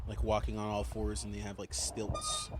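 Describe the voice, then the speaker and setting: A man's voice: fairly low pitch, wildly swooping pitch, moderate pace, a crowd in the background. A man in casual podcast chat, laid-back and cracking dry one-liners.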